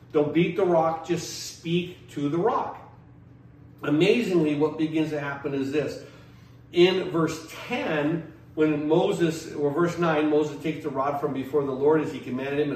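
A man's voice: a little high, a little mellow. A man preaching a sermon as a pastor, emphatic, restarting phrases and putting questions to his listeners. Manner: emphatic, repeats and restarts, asks the congregation questions. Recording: echoey hall, mic at a distance, faint noise.

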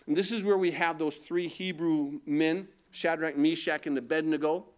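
A man delivering a sermon in a somewhat high voice. He keeps asking his listeners questions and then answers them himself, and his delivery builds in force as he preaches. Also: fairly even intonation, moderate pace, clean tone. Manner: call-and-response questions, rising in intensity. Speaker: pastor.

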